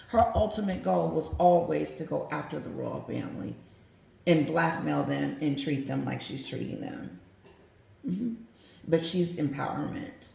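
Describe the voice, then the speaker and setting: A woman's voice: deep voice, a little slow, gravelly, darkish tone, slight background noise. A woman giving casual commentary, emphatic and repetitive, talking straight to her viewers. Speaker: commentary vlogger. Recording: roomy echo.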